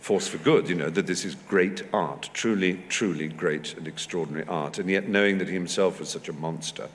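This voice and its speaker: A man from England telling anecdotes on a festival stage, fluent and animated, acting out the voices he quotes. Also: low-pitched, fairly quick, long reverb tail, slight background noise. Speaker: festival guest. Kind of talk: onstage conversation, anecdotal storytelling. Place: festival stage in a large hall or tent.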